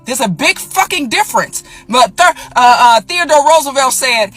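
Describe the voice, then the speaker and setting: Sassy high-voiced woman, very lively. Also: normal speed, few pauses, soft background music. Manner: sassy, defiant, emphatic. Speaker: social media commenter. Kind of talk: casual reaction video rant.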